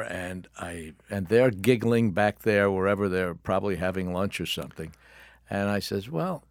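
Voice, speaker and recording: A very low-pitched older man tells wry, animated anecdotes as a studio guest. His voice is recorded dry and close, with no room sound at all. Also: vocal fry, no room sound. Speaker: guest, actor and author. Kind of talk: storytelling in a studio interview. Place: radio studio.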